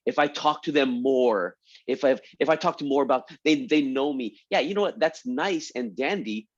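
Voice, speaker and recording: A man's voice: medium pitch, normal speed. A man hosting an interview, talking enthusiastically and turning to speak straight to his audience. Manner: enthusiastic, addresses the audience directly. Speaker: interview host. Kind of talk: conversational interview. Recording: dull lo-fi sound.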